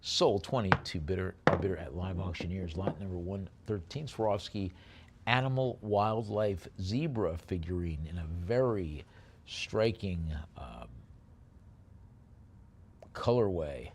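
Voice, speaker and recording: A lower-voiced man running a live auction. He rattles off bid calls in a rapid chant, then slows down to describe each item. He sounds like an auctioneer at work. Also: slight background noise.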